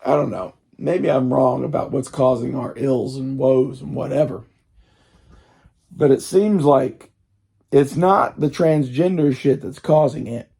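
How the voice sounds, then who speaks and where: A man's voice: mid-range voice, measured pace, vocal fry, warm tone, breathy edge. A man with a strained voice that he says he can barely talk in, rambling profanely in a casual monologue full of fillers.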